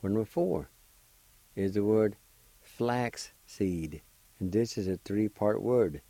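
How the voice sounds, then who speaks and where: A man with a low, mellow voice talks very slowly and patiently. He spells out each syllable letter by letter, like a radio language teacher. The sound is close and dry. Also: no echo, rough recording. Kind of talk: slow spelled-out pronunciation lesson.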